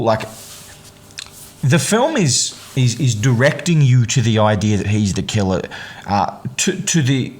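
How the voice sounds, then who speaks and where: A man with a lowish, slightly mellow voice hosts a loose, rambling solo commentary on a film, stumbling through fillers and restarts. As a podcast host and film commentator, he keeps a wry tone, clearly amused at the movie's absurdities.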